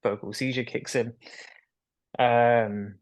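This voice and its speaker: A man's voice: medium pitch, fairly even intonation, slow pace, dull audio. A young man, a guest in an interview, telling his story frankly with occasional nervous laughs. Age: young adult. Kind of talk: candid conversational interview.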